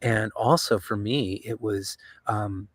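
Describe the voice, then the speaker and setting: Man, middle-aged, low voice, reflective, candid, dry recording. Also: slow pace, no room sound. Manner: open, reflective. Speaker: podcast host guest. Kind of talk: candid conversation.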